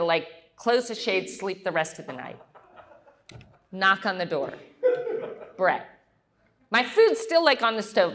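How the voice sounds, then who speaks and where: A middle-aged woman telling a story at a Q&A, acting out the voices of the people she quotes. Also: medium pitch. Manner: animated, acts out quoted voices. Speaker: guest speaker.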